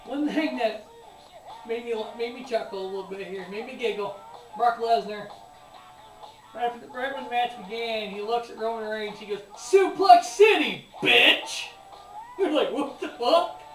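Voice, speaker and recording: A man talks through a wrestling event as host of his own sports show, rambling, cursing freely and getting worked up. He sits back from the mic in a roomy, echoing space. Music plays clearly behind him. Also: high voice. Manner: rambling, profane and excitable. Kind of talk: casual wrestling event review. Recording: echoey room, distant mic, music behind.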